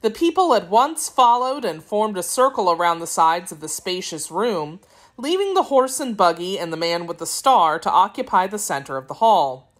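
A woman reading a children's storybook aloud as an audiobook narrator, with expressive delivery. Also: mid-range voice, normal speed. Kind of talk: scripted narration.

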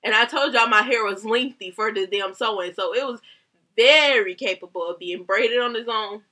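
A young woman, a hairstylist, telling a heated story about a bad salon visit, animated and swearing often. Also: on the high side, normal speed. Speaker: hairstylist vlogger. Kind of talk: casual storytime rant.

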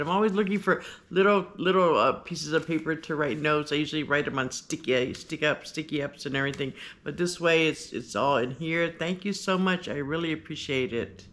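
A woman's voice: sits low, fairly bright tone, slight background noise. A woman vlogger chatting casually as she unboxes gifts, gushing and rambling with lots of fillers.

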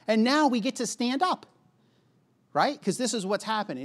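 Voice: medium pitch, sing-song, normal speed. A preacher giving a conversational sermon in a church, chatty and casual, repeating words for emphasis and acting out what other people would say.

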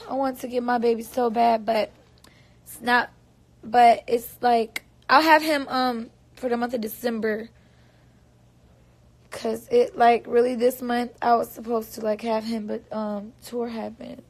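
A young woman talks on a casual livestream in a high, light voice. She rambles playfully and drops goofy little noises between thoughts. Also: fairly even intonation, measured pace, a little mellow. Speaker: singer livestreaming on tour.

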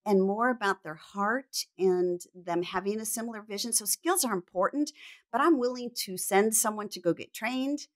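A woman business coach appears as a guest on a faith-centered podcast, speaking earnestly and reflectively about faith and quoting scripture. Her pitch is medium and she talks at a normal speed.

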